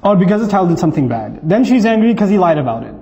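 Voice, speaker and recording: A man giving an animated lecture on parenting as an Islamic speaker, acting out voices and often laughing. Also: sits high, rapid-fire. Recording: long reverb, dull lo-fi sound.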